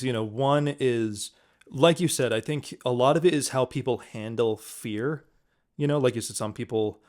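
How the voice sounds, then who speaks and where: A man co-hosting a casual movie podcast, easygoing and quick to laugh. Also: mid-range voice, darkish tone. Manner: easygoing, laughs often, loose phrasing. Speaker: podcast co-host.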